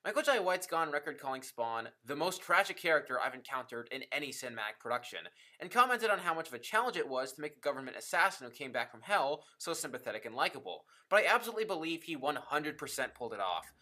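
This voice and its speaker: A male film reviewer talks through a movie with real enthusiasm, throwing in swear words and joking asides. His voice is bright and forward, and his pitch swings widely as he gets excited. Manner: enthusiastic, swears freely, quick jokey asides. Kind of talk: casual video review.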